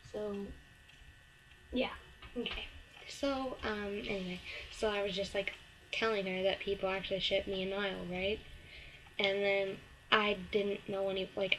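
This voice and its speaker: A teenage girl rambles through a gossip story to her webcam, peppering every sentence with "like" and "um". Her voice sits at an ordinary middle pitch. A faint hiss runs under her bedroom recording. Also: fairly bright tone, rough recording. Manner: chatty, lots of "like" and "um", acts out the other girl in a snippy higher voice. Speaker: vlogger. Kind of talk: casual storytelling to camera.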